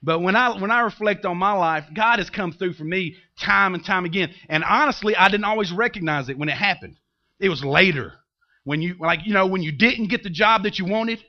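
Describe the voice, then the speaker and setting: A man preaching a sermon as pastor, in a lively, conversational way with humor and acted-out asides, recorded in a church. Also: high voice, fairly quick, highs cut off.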